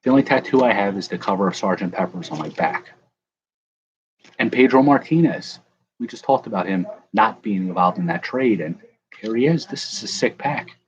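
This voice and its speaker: While opening packs on his livestream, the young card-breaking host keeps things casual, joking and shouting out chatters by name. He sounds animated, pitched on the low side, at normal speed, with the highs cut off and slight background noise.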